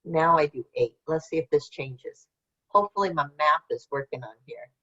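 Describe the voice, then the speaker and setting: A woman's voice: low-pitched, normal speed, fairly bright tone. An older woman presenting an online workshop in a casual, rambling way, answering typed questions as she goes. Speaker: webinar presenter. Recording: slightly dull lo-fi call audio.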